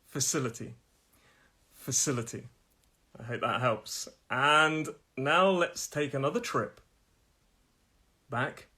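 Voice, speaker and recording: A man with a British accent teaching English pronunciation on a live stream from his phone, chatty and laughing often, slowing down to repeat each word with its stress. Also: medium pitch, pushed and bright, husky. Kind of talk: live-streamed language lesson.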